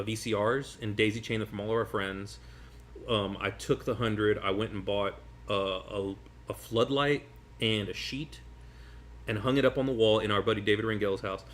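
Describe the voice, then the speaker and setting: A man, a magician guest, telling stories in casual chat over food, rambling and animated with many restarts. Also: lowish voice. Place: sitting at a table over food.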